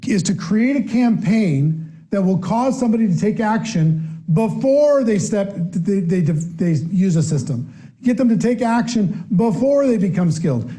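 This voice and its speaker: High-voiced, animated seminar trainer man. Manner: animated, acts out quoted voices; asks the audience questions. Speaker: network marketing trainer. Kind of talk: live seminar talk.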